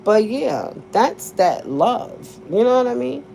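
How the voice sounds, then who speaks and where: A woman's voice: a little high, very animated, slow, gravelly, warm tone, a little hiss or hum. A woman in her forties telling a casual story to her viewers, blunt and profane, laughing often as she talks. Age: 40s. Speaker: vlogger.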